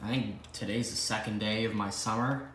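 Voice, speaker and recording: A man's voice: fairly low pitch, steady tone, brisk, a bit bright. Rambling young man in an echoey room. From Canada. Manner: rambling, self-deprecating, talks to himself. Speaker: clock collector host. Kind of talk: casual vlog commentary. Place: indoor room with ticking clocks. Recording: roomy echo, faint background noise.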